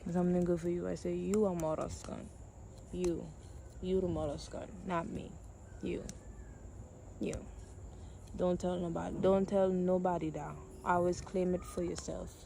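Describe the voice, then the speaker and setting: A woman's voice: on the low side, little pitch movement, normal speed, creaky, long pauses, mellow, slight background noise. A woman talking back sharply and bluntly, swearing often. She is recorded outdoors, with faint street sound around her. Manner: blunt, cursing, scolding. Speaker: passer-by being pranked.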